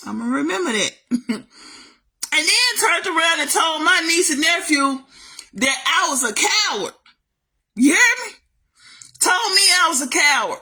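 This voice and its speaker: A woman's voice: sing-song, unhurried, pauses often. Fired-up woman ranting to the camera. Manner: heated, calls the listener baby, swings loud and high. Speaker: vlogger. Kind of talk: emotional family rant to camera.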